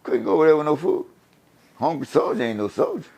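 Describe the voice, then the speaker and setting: An older man from the USA telling stories in a casual interview, animated and profane, laughing as he talks. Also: a little high, fast, vocal fry, slightly rough. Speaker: guest storyteller.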